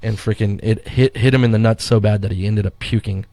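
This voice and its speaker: A man's voice: fairly low pitch, steady tone, a little fast, creaky, mellow, dry recording. A middle-aged man co-hosting a podcast in casual chat, a rambling storyteller who swears casually and acts out quotes. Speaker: podcast co-host. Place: studio.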